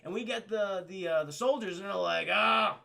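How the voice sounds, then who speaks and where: A man giving a casual, profane cartoon review while talking with his live chat, in an animated way full of fillers. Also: sits high, brisk, vocal fry. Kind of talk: casual live-stream commentary.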